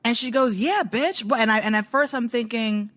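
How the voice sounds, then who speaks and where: A woman's voice: on the high side, fairly even intonation, a little fast, fairly bright tone. A woman telling a story in casual chat, heated and emphatic, acting out the quotes.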